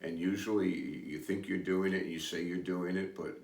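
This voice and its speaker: A man's voice: deep voice, fairly even intonation, moderate pace, gravelly, recorded from a distance. A man hosting a podcast who tells stories in a casual, rambling way, hesitant and full of asides. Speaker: podcast host. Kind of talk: casual storytelling chat. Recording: roomy, away from mic.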